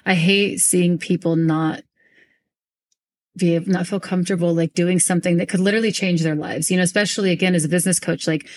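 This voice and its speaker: A young woman hosts a relaxed podcast conversation, her voice sitting a touch low for a woman. She talks with animated energy, circling back and restarting phrases as she thinks out loud. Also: fairly quick. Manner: animated, repeats herself often while working through thoughts. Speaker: podcast host and business coach. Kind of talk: casual conversational interview.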